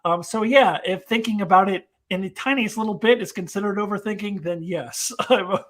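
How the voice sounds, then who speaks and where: A woman hosting a casual live discussion stream, talking in an animated, ranting way. She builds her points with exasperated energy and slips into mocking little voices as she goes. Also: mid-range voice, moderate pace. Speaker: host.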